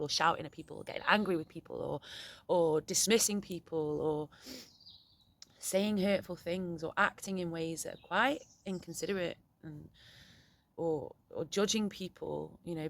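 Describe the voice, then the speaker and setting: A woman's voice: lowish voice, normal speed, gravelly. A young woman talking candidly to camera, swearing freely and restarting her sentences often. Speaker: poet and vlogger. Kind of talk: emotional casual monologue.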